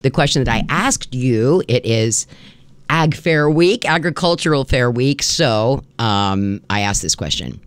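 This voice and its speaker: A woman hosting a radio music show in casual on-air chat, playful and quick to laugh between songs. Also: very deep voice, lively intonation, clear, resonant tone. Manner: chatty, laughs easily, playful asides. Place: radio studio. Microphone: studio microphone.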